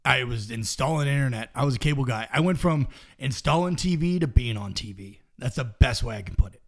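A man's voice: mid-range voice, lively intonation, a little fast. A young man, a professional wrestler, telling stories in casual, profane talk that drops to near-whispers. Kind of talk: casual storytelling.

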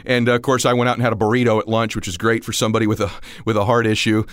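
Fast-talking motivational speaker, a man. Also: fairly low pitch, flat delivery, no echo, studio quality. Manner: storytelling, acting out dialogue, rising to near shouts. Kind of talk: motivational talk.

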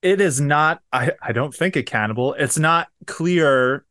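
A man's voice: fairly high pitch, a little slow, pushed and bright, no echo, studio quality. A man co-hosting a pop culture podcast, talking in an easygoing, enthusiastic way with frequent filler ums. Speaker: podcast co-host. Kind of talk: casual chat.

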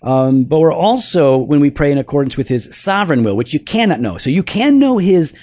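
A man's voice: on the high side, very animated, fairly quick, dark tone, no echo. A man co-hosting a casual podcast, teaching theology step by step and checking in with "right?" as he goes, with a dry, teasing humor. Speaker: podcast co-host.

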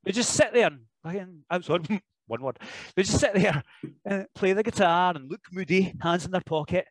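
A high-pitched man with a Scottish accent speaks at normal speed on a dry, poor-quality recording. He's a wrestler guesting on a podcast, telling energetic, jokey stories in casual interview chat while slipping into impressions and laughing.

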